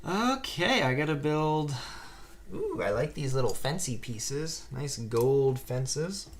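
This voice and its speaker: A man's voice: mid-range voice, a bit bright, a little hiss or hum. A man hosting a casual live stream, chatting and reading viewer comments aloud while he builds a set. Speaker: live-stream host building Lego sets.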